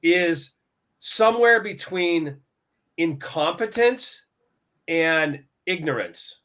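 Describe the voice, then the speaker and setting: A man's voice: on the high side, animated, takes it slowly, a bit bright. Chatty man retelling trade stories. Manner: conversational, retells exchanges with quoted dialogue. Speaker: lumber buyer on a market talk show. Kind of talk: casual panel discussion.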